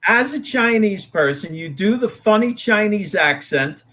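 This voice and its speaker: A man's voice: high voice, unhurried. A man co-hosting a casual chat, telling stories and teasing his partner. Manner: animated storyteller, teasing. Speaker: co-host.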